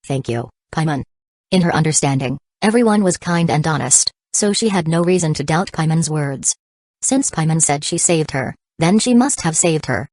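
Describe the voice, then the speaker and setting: A woman narrating an audiobook in an even, steady storytelling manner. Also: deep voice, normal speed, dry recording.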